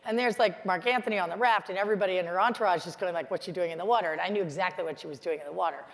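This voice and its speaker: A middle-aged American woman telling stories in a lively, chatty motivational conference talk. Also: on the low side, racing. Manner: storytelling, animated, chatty with many "like"s. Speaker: keynote speaker. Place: large conference hall. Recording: hall reverb from a stage mic.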